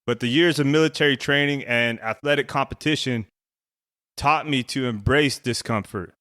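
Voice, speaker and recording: A middle-aged man, once a Navy SEAL and now a coach, talks through a personal story casually, peppering it with "you know" and "right." He speaks at a moderate pace with a sharp tone and medium pitch, in clean studio audio without echo.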